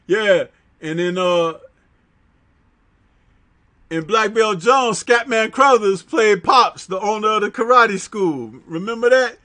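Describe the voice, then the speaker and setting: A man's voice: sits high, slow pace, pauses often, bright, forceful tone. A man hosting a livestream, reading chat aloud and reminiscing in slangy casual talk, laughing often.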